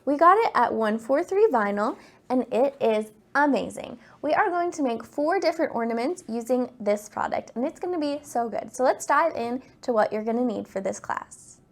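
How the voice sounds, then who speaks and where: A woman's voice: a little high, expressive, normal speed. An upbeat woman teaching a crafting class, welcoming viewers and walking through supplies. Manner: upbeat, enthusiastic. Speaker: craft instructor. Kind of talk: class tutorial.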